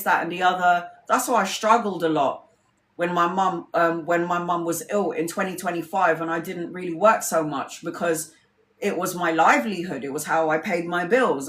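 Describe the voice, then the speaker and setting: A woman's voice: on the low side, fairly bright tone, a little hiss or hum. Tarot lady rambling on a stream, candid, swears a lot, room echo. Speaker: tarot reader. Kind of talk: casual livestream storytelling. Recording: roomy echo.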